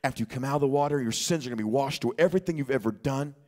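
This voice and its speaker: A man preaching a sermon in church, telling a story quietly, then rising to shouts. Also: medium pitch, racing. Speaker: pastor. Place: church sanctuary.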